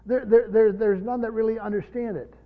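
This man's voice has fairly even intonation and moves a little fast as he preaches a sermon that teaches from the Bible. He explains like a teacher, repeats words often, and lowers his voice for scripture, all captured in a dull recording with long hall reverb.

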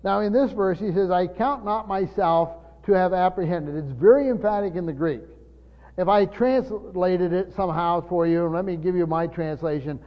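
This is an older man preaching, a pastor whose high voice moves at a moderate pace as he teaches with earnest conviction. He often starts over and repeats words. Sound quality is dull and lo-fi, with a long reverb from the church.

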